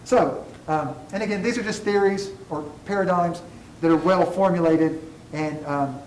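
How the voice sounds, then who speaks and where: A man lectures on ethics to a classroom, wandering into tangents and making fun of himself along the way. His fairly high voice carries through an echoey room, picked up by a mic set well back. A faint hum of room noise sits underneath. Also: moderate pace, distant mic. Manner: digressive, self-deprecating humor. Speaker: college ethics instructor.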